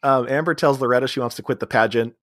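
A man's voice: mid-range voice, fairly bright tone. Man casually recapping a movie. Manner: recounts plot, acting out lines in quick voices. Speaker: podcast co-host.

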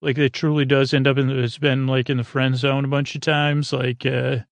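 A podcast host recaps a TV episode from handwritten notes in a flat, gravelly monotone at medium pitch. He halts often and paraphrases scenes loosely, with plenty of uhs and other filler sounds. The recording is dry.

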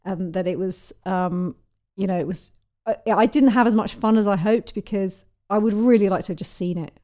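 A woman's voice: medium pitch, moderate pace, warm tone. A woman comedy writer, a podcast guest, chatting casually with trailing restarts.

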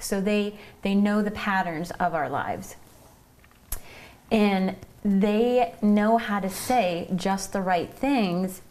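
A woman's voice: mid-range voice, a little mellow. A woman from Ohio with a mid-range voice talks earnestly on a faith podcast. She explains step by step in a casual, conversational way. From Ohio, United States. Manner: earnest, explanatory, frequent "mm-hmm" backchannel. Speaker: podcast co-host. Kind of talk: casual faith chat, teaching.

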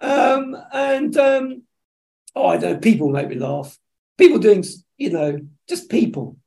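A man, a television executive, telling lively anecdotes in an interview and acting out the dialogue. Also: sits high, measured pace, creaky. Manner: animated storyteller acting out dialogue. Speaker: television executive, podcast guest.

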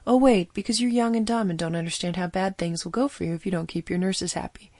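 A woman's voice: on the low side, fairly even intonation, quick pace, a little mellow, no room sound, close to an everyday voice. A woman voicing a grumpy older woman doctor who is blunt and teasing, speaking in a dry, sarcastic, bossy way.

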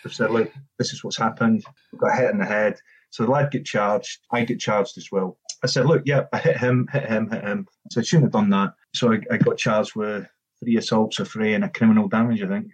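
A man's voice: on the low side, fairly even intonation, a little fast, slightly rough, dull audio. A middle-aged man and former footballer telling a casual anecdote, acting out the quoted dialogue with frequent restarts.

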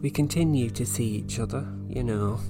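A woman's voice: very deep voice, normal speed, music in the background. A woman voicing an eccentric middle-aged psychic woman, rambling earnestly in a comedic reading. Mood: confiding. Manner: rambling confessional, earnest, dry.

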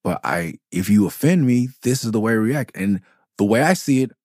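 A man's voice: fairly low pitch, lively intonation, moderate pace, a little mellow, no room sound, studio quality. A middle-aged man from Los Angeles hosting a podcast, telling blunt, profane stories in a rambling, candid way. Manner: raw, profane, restarts and loops back on himself. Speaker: podcast host, rapper. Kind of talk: candid storytelling monologue.

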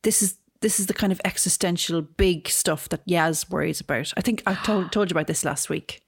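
A woman, co-hosting a podcast in casual chat, an animated storyteller who jokes as she goes. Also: on the low side, brisk, gravelly, slightly rough, no room sound, studio quality. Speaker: podcast co-host.

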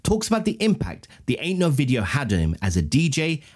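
A man reading scripted documentary narration in a measured way. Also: mid-range voice, wildly swooping pitch, a little mellow.

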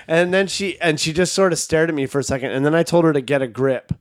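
Higher-pitched man telling a story. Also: fast talker, no echo, clean studio sound. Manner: animated, profane storytelling. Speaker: podcast co-host. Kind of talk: casual podcast chat.

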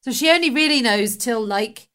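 A woman playing a tabletop game, chatty and quick, often restarting her sentences. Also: fairly high pitch, lively intonation, a bit bright, clear, resonant tone. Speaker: player. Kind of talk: casual tabletop play.

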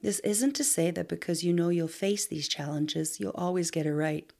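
Gravelly low-voiced woman host. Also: normal speed, darkish tone. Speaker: podcast host. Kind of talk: scripted narration.

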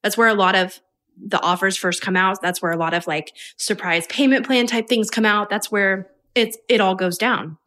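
A young adult woman hosts her own podcast as a business coach. She talks to listeners in a chatty, upbeat way, full of energy and easygoing warmth of manner. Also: mid-range voice, fairly even intonation, moderate pace. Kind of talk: casual solo podcast talk.

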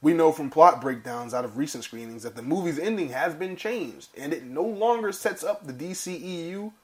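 A man's voice: on the high side, lively intonation, normal speed. A man co-hosting a casual movie podcast, swearing freely and reading articles aloud between asides. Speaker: podcast co-host.

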